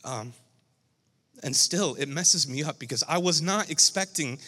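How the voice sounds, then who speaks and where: Male pastor, emotional sermon storyteller, bright, slightly higher voice, long hall reverb. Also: unhurried. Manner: animated, emotional storytelling with laughs.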